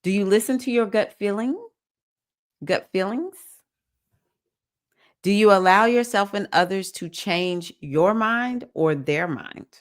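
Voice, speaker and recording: A woman's voice: mid-range voice, slow pace, long pauses. A woman with a Southern US accent hosting a casual live-stream session as a spiritual teacher, reading viewers' comments and cheering them on. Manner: warm, encouraging, reads comments aloud and cheers viewers.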